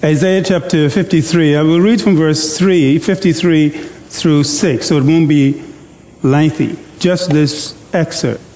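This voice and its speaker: A male preacher giving an interactive sermon in church. He jokes, coaxes the congregation into call-and-response, and reads scripture slowly and deliberately. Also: a little high, steady tone, darkish tone, big-room sound, a little hiss or hum.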